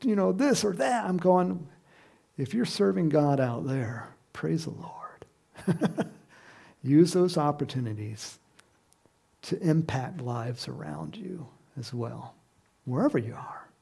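Male pastor, lively sermon delivery, raspy fry in the voice, acts out scenes. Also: a little high, slow pace, long pauses. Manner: lively, acts out quoted voices with sudden loud cries and laughs.

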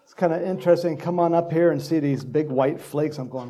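A man's voice: fairly high pitch, quick pace, few pauses, mellow. A middle-aged male pastor from Texas giving a casual, rambling sermon full of stories and laughter.

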